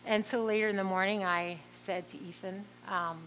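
A woman's voice: medium pitch, steady tone, normal speed, hardly any pauses, a bit bright, a little hiss or hum, poor audio. A middle-aged woman telling a personal faith testimony in an earnest, heartfelt way, acting out bits of dialogue as she goes. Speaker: speaker sharing a faith testimony.

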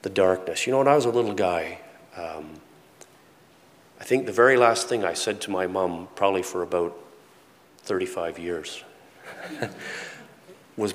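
A man preaching a sermon in earnest tones, often repeating words and dropping to a soft, hushed voice. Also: sits low, normal speed, long pauses. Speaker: pastor. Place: church sanctuary with a congregation. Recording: long reverb of a large hall.

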